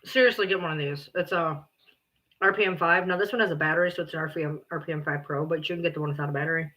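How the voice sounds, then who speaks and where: A woman livestreaming and chatting casually, blunt, exasperated and quick to swear. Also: low-pitched, steady tone, a bit bright.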